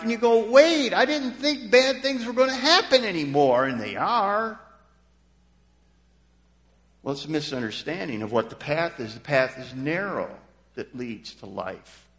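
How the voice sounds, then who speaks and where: A man with a high-pitched voice preaches a sermon to his congregation. His delivery is emphatic, dipping soft and low before climbing to loud, stressed declarations. The room has a long, ringing reverb. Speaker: pastor.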